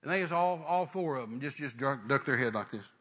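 Fervent, forceful middle-aged preacher. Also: male voice, medium pitch, lively intonation, a little fast. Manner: fervent, repetitive restarts and trailing "and, uh". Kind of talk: sermon storytelling.

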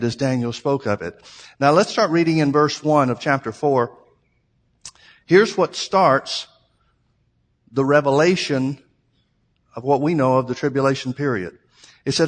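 A man's voice: mid-range voice, in a large hall. A man preaching a sermon, teaching through a Bible passage in a conversational way and asking rhetorical questions.

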